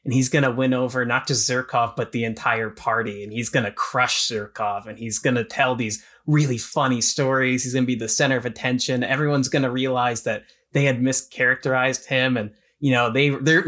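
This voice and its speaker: A man co-hosting a podcast, casually discussing a novel and acting out the characters' thoughts as he retells the plot. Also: mid-range voice. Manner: animated retelling, acts out characters' lines. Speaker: podcast co-host.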